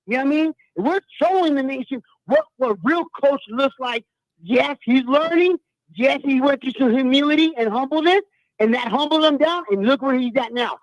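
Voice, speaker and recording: A high-voiced middle-aged man calls in from the US West Coast and rants loud and slangy. His voice comes over a dry phone line with no room sound around it. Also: expressive, normal speed, no echo. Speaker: caller. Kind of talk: call-in fan rant.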